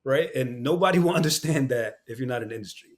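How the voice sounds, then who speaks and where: A man's voice: medium pitch, fast. Candid New man, slangy and emphatic. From Queens, New York. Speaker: actor and voice actor, podcast guest. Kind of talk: casual podcast conversation.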